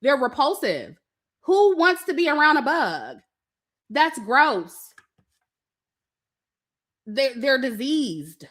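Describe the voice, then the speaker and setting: A woman's voice: high voice, big pitch swings, slow, long pauses, a bit bright. A young woman telling a story to her viewers in casual, profane chat, laughing often and acting out her family's lines. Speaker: vlogger.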